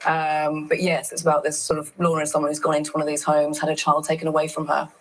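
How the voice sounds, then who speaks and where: Low-voiced woman chatting as a guest. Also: completely flat delivery, fast talker, low-quality recording. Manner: chatty, hesitant restarts. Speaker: guest actor. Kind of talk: talk show interview.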